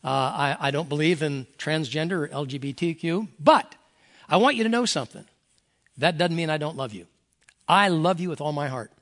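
A man's voice: on the high side, animated, moderate pace, a bit bright. An older man, a pastor emeritus, preaching a folksy, earnest sermon and reading scripture aloud.

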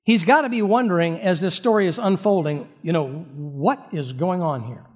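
A pastor preaching a sermon in an animated way, often repeating words and restarting. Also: male voice, high voice, moderate pace, breathy edge, highs cut off.

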